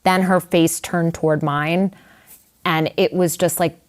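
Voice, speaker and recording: Chatty woman, lowish voice. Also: measured pace. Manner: candid, animated, many "like" and "you know" fillers. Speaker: guest writer. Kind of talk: conversational storytelling.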